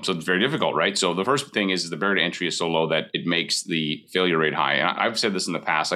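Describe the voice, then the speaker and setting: A man's voice: low-pitched, bright, forceful tone. A man in his forties, a mortgage broker giving candid, conversational advice with emphatic repetition. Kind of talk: casual advice talk.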